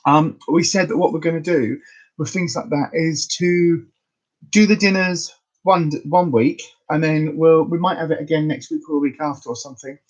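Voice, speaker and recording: A woman's voice: sits low, fairly even intonation, normal speed, darkish tone. A chatty woman talking casually on her weight-loss livestream. She rambles along with plenty of ums and restarts. The sound is dull and lo-fi.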